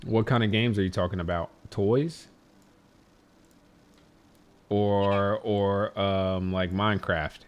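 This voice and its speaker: A young man chatting casually on speakerphone, playfully teasing a friend and then gently talking with his small son. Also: on the low side, steady tone, slow, pauses often, smooth. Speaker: streamer and father. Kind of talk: casual phone chat.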